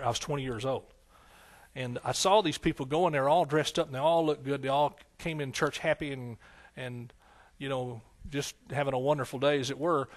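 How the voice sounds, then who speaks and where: A middle-aged pastor, his voice on the high side, gives a sermon testimony full of emotion, swinging between tearful hushes and loud exclamations.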